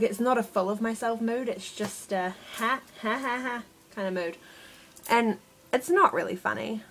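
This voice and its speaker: A woman's voice: mid-range voice, a bit bright, slight background noise, poor audio. A woman vlogger telling a rambling, exasperated storytime about her day, self-mocking as she goes. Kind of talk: casual storytime monologue.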